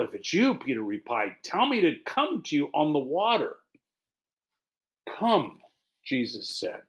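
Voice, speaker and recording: A man preaching in an easy, talkative way, moving between scripture readings and plain explanation. His voice sits a little higher than most men's. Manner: relaxed, chatty, explains as he goes. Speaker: pastor. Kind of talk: conversational sermon with scripture reading.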